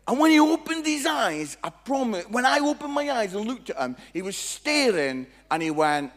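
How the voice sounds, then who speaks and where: A man, a pastor preaching and telling a story with lively acted-out dialogue. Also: high-pitched, normal speed. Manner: animated, acts out both sides of dialogue. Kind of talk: sermon storytelling.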